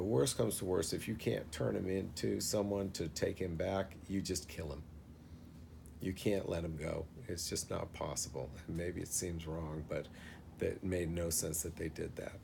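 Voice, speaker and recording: A man's voice: low-pitched, gravelly, a little mellow, a little hiss or hum. A man reviewing a film in a casual, rambling retelling, full of fillers and asides.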